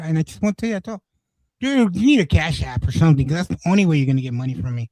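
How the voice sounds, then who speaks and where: A man's voice: on the high side, sing-song, fast talker, darkish tone, no room sound. A man hosting a livestream, chatting loosely and swearing, laughing through his stories. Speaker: livestream host. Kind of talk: casual stream chat.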